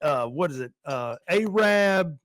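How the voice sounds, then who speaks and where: A man's voice: on the high side, animated, a bit bright, no echo, studio quality. A man co-hosting a political commentary podcast, jumping in with short mocking quips. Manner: quick interjecting quips, mocking asides. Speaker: co-host.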